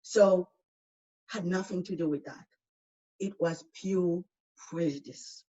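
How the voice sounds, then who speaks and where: A woman's voice: on the low side, takes it slowly, mellow. Accented woman panelist, outspoken and emphatic, dull distant call audio. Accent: foreign accent. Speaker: panel speaker. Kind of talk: personal testimony in a panel discussion.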